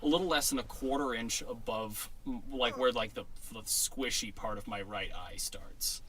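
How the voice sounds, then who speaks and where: A man's voice: mid-range voice, moderate pace, sharp tone, slight background noise. Young man telling stories, laughing, swearing. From Oregon, USA. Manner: laughs often, swears, storytelling with filler "like". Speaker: podcast host. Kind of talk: casual chat.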